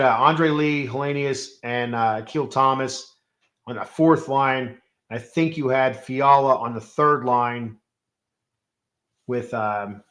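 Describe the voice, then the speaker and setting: A man's voice: mid-range voice, a bit bright, reverberant. A man hosting a casual solo hockey recap, rambling with many fillers and restarts. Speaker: hockey podcast host.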